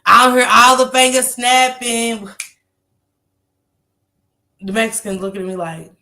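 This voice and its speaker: A woman on a call, casually telling a story in animated fashion, laughing and swearing. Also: a little high, a little slow.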